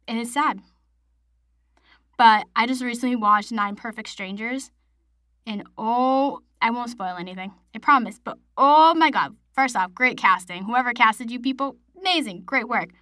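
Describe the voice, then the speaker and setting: A woman's voice: on the high side, animated, a little fast, sharp tone, soft background music. A young woman from Massachusetts hosting her own podcast, chatting casually and rambling with lots of "like". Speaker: podcast host. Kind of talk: casual solo podcast chat.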